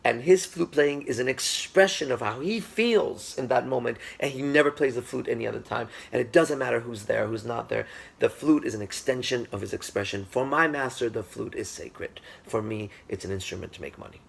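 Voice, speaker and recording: A man voicing a humble, modest male flute player in a spoken story, with a gravelly, husky voice. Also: medium pitch, a little fast, fairly bright tone, heavily acted. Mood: earnest.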